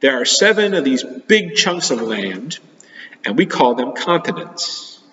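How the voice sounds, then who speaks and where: A male teacher giving a geography lesson to children, explaining simply and patiently with frequent pauses. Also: mid-range voice, sing-song, sharp tone, a little hiss or hum. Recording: dull, echoey room with long reverb.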